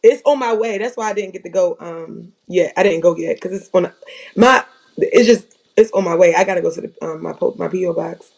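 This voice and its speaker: A woman's voice: fairly low pitch, brisk, creaky, a little mellow, rough recording. A woman, co-hosting a casual livestream chat. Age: 40s. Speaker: livestream co-host.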